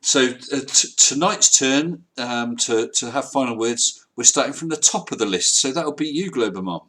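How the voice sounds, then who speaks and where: A man's voice: medium pitch, animated, moderate pace, bright, forceful tone. A man hosting a casual live-stream chat, friendly and rambling, often chuckling. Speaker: host.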